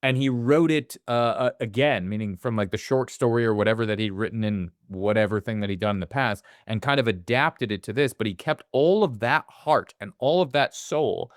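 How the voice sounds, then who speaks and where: A man co-hosting a casual movie podcast, animated, swearing freely and acting out quotes in little voices. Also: medium pitch, moderate pace, few pauses, no echo, studio quality. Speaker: podcast co-host.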